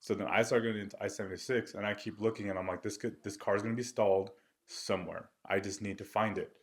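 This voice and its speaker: A man's voice: lowish voice, steady tone, quick pace. A young man co-hosting a podcast, telling a story in a laid-back way and laughing at himself. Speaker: podcast co-host, police officer. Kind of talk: casual chat, storytelling.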